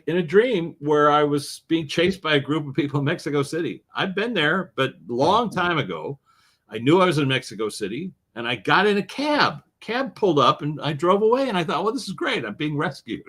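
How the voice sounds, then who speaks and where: A man being interviewed as an author, telling stories in an animated way with wide swings in his voice. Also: on the high side. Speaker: author and guest. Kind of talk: interview conversation.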